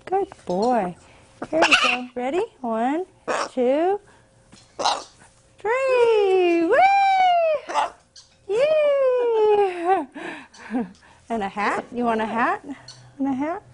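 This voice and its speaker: A woman's voice: high-pitched, very animated, takes it slowly, noisy background. A woman and parrot owner coaxing her pet bird in sing-song baby talk.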